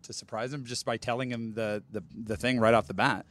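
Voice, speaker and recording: A man's voice: mid-range voice, steady tone, fairly quick, fairly bright tone, no room sound. A young man co-hosting a podcast, bantering in a teasing, upbeat way from inside a moving car. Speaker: podcast co-host. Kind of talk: casual chat.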